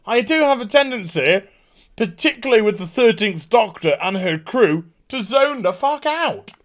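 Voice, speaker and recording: A man's voice: sits high, fairly bright tone. A man giving a sarcastic, sweary TV episode review in a casual rant. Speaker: YouTube TV reviewer.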